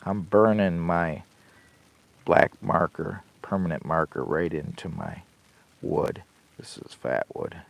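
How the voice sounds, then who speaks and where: A man's voice: low voice, slow pace, gravelly. An older man hosting a camping channel livestream, chatting in a rambling, folksy way from inside a heated tent. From Michigan. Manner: rambling, folksy, talks to chat and his dog. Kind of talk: casual livestream chat.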